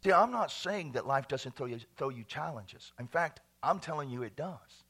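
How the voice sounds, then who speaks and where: A middle-aged male pastor preaching an exuberant sermon, swinging from shouts to hushed tones and laughing often. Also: a little high, expressive, normal speed, gravelly, husky.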